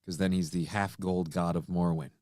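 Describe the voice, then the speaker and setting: A man's voice: low-pitched, steady tone, fairly quick, a little mellow, dry recording. A man co-hosting a morning show, trading dry, teasing wisecracks in casual banter.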